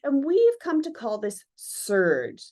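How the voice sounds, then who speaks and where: A middle-aged woman teaching dance online, her pitch rising and falling in a lively way. She explains with enthusiasm and acts out movement sounds to show how a motion lands. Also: takes it slowly. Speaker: dance educator. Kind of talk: online lesson with screen share.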